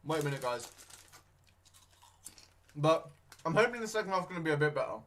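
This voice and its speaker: Young male streamer, higher voice, loose rambling football chat with plenty of fillers. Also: expressive, fairly quick, a bit bright. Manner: rambling, hesitant, many fillers; talking with his mouth full at times. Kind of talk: casual live match commentary.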